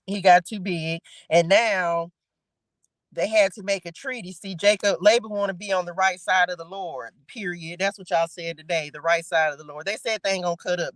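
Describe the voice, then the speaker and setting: A woman leads a casual livestream Bible study in a bright, forceful voice. She reads scripture aloud and breaks off to chat playfully with her viewers, laughing as she goes. The sound is dry, with no room echo. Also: medium pitch. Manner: chatty and playful, laughing, talking straight to viewers.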